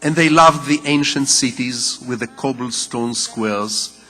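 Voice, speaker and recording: An older Israeli man with a Hebrew mother tongue, giving a public lecture in measured storytelling with rhetorical repetition. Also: medium pitch, sharp tone, in a large hall, soft background music. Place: large lecture hall.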